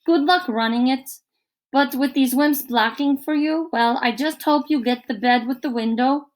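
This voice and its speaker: A woman's voice: sits high, moderate pace, voice pushed up, close to an everyday voice, poor audio. A woman voicing a bossy, cocky teenage boy quarterback in a storybook reading, brash and upbeat. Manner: brash, upbeat, gasping after a hit.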